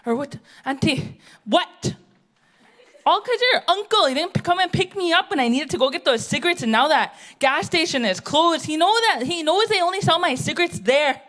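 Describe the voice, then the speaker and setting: High-voiced cranky auntie woman doing her on stage, live comedy bit, rambles, gets worked up, laughs at herself. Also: a bit bright. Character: brash, grumpy, chain-smoking middle-aged auntie. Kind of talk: live character comedy monologue. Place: theatre stage before a live audience.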